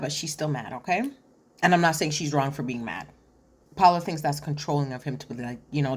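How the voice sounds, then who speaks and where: Woman, young adult, low voice, casual reality TV recap, chatty, filler-heavy, acts out quotes. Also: moderate pace. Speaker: reality TV commentator.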